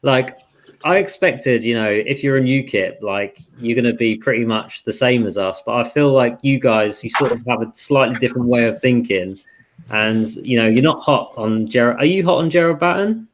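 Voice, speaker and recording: A man's voice: medium pitch, normal speed. An English man hosts a podcast, chatting loosely with his guests. He leans on fillers and laughs easily between questions. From England. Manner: laughs often, casual filler words. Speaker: podcast host. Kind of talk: casual chat.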